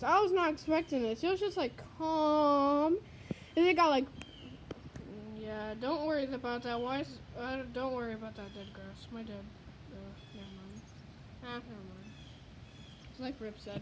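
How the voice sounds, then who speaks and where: A woman's voice: on the high side, moderate pace, long pauses, noisy background. A woman filming a windstorm on her phone outdoors, giving breathless, exclamation-filled live commentary. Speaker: storm vlogger. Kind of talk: excited live storm commentary. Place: outdoors by a house, then a garage, in a windstorm. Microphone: handheld phone.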